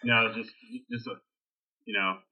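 Man chatting over a tinny line. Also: measured pace. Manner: rambling, jokey, loose. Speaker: podcast host. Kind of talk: casual chat.

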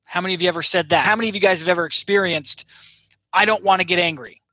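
Motivational communication coach, husky edge, dry close sound, quizzes the audience. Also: mid-range voice, steady tone, racing, pushed and bright, no room sound. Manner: asks the audience rhetorical questions; acts out short example phrases. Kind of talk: motivational teaching talk to an audience.

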